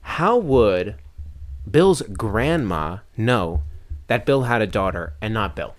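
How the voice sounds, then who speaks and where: Young male podcast co-host, animated delivery, casual and chatty, phone mic. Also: fairly low pitch, slow pace. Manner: chatty, laughs often, lively. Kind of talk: casual chat about a film.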